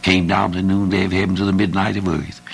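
An older man preaches with a gravelly, husky voice pitched on the low side. He talks in a homely, repetitive way and keeps asking the listeners questions. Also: little pitch movement, fast. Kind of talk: sermon.

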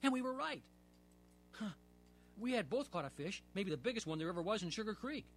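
A man reading a children's story aloud, with expressive, lively storytelling. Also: sits high, fast talker, faint music behind.

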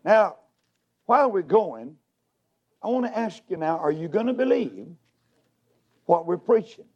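A preacher with a high, lively voice delivers a revival sermon. He climbs to shouted peaks and drops to near whispers in a sing-song cadence, taking his time. The recording sounds dull and lo-fi. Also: measured pace. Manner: shouting, sing-song swoops between loud highs and hushed drops.

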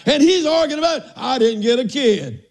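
A man's voice: very high voice, animated, moderate pace. An older man preaching a folksy sermon, often asking "are y'all listening" and saying amen.

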